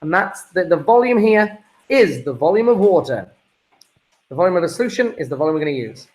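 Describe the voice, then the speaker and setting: A man's voice: sits high, sing-song, brisk, darkish tone, rough recording. A man talking through a chemistry exam paper as a teacher, chatty and calling his students guys and folks.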